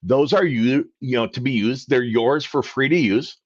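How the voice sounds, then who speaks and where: A credit coach hosts a live Q&A session, speaking emphatically and acting out both sides of phone calls. His medium-pitched voice moves at a moderate pace, captured in a dry, lo-fi recording.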